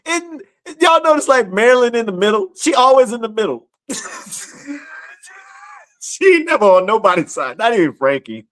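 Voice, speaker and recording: Animated preacher man, lively pitch. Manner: animated, bantering with viewers, stretches scripture slowly. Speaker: Bible study teacher. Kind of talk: livestreamed Bible study preaching.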